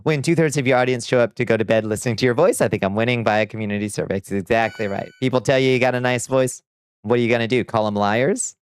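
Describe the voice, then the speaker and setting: A man's voice: mid-range voice, steady tone, quick pace, smooth. A man streaming live, chatting casually with viewers, reading out chat and laughing often.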